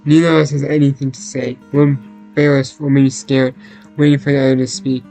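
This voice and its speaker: A man reads a story aloud at a middling pitch, taking every character's lines and the first-person narration himself. He keeps to much the same steady voice throughout, with faint music under him. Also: fairly quick, poor audio. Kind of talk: reading a visual novel aloud, voicing every character.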